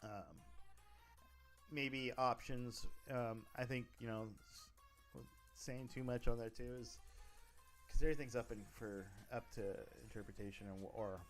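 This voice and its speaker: A man's voice: medium pitch, fairly even intonation, a little slow, soft background music. A man streaming, talking casually about running a role-play server, rambling with frequent restarts and self-corrections. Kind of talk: casual livestream talk.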